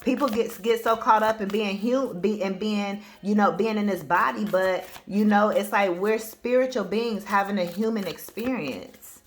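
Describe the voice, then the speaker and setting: A woman's voice: mid-range voice, moderate pace, few pauses, a little hiss or hum. A woman speaking as a spiritual life coach, giving a casual motivational talk in a blunt, emphatic way, addressing the listener directly.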